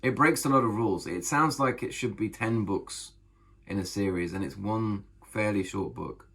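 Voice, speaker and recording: A man, an author, talking casually to camera about bold storytelling, enthusiastic and emphatic, with a gravelly, husky voice. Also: lowish voice, moderate pace, a bit bright. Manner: enthusiastic, emphatic, repeats phrases. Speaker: author and vlogger.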